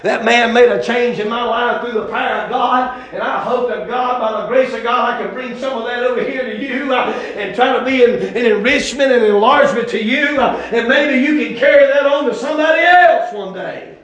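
Male preacher, high voice, shouting then hushed, recorded from afar in an echoey church hall. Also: a little fast, few pauses, recorded from a distance. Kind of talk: testimony sermon.

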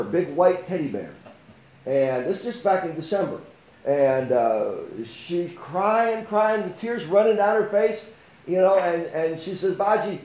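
An older man preaching from his own life, his voice set high for a man. He stops and restarts with plenty of fillers, then swells into fervent outbursts. The sound carries a roomy echo. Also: darkish tone, slight background noise. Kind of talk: testimony sermon.

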